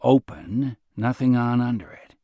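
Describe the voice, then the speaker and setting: A man's voice: medium pitch, steady tone, measured pace, dark tone, dry recording. A man narrating an audiobook in a laid-back, understated way. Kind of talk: scripted narration.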